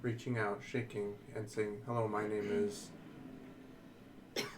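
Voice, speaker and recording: A man's voice: on the low side, flat delivery, unhurried, background noise. Puzzled man playing in character. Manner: puzzled, earnest in-character musing. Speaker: player. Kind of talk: in-character tabletop role-play.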